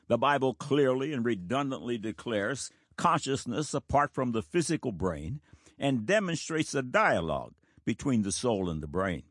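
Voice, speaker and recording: A man's voice: mid-range voice, a bit bright, no room sound, clean studio sound. A man preaching a sermon in an earnest, emphatic way, reading scripture aloud between his own points.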